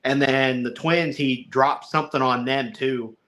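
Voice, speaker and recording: A man's voice: medium pitch, fairly even intonation, measured pace, a bit bright. A man co-hosting a casual film review chat, rambling, chuckling and acting out lines in little voices. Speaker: podcast co-host reviewing a film.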